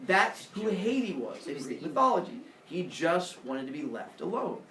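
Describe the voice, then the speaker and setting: A man teaching a class, with a voice that sits a little high. He lectures playfully and jokes as he goes. He is heard from across an echoey room with faint background ambience. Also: big pitch swings, a little slow, sharp tone, far from the mic, a little hiss or hum. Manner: joking, playful storytelling.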